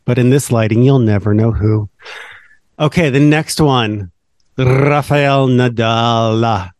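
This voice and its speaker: A man's voice: medium pitch, takes it slowly, darkish tone, dry recording. Playful, teasing man with a dry sound. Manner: playful, teasing quiz-master. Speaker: podcast co-host. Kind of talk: casual chat.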